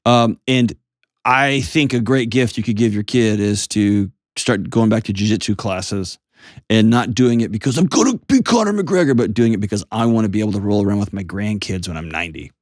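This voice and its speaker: A man's voice: fairly low pitch, a little fast, no room sound, clean studio sound. A man hosting a call-in advice show, coaching a caller in a direct, earnest way. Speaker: host giving advice.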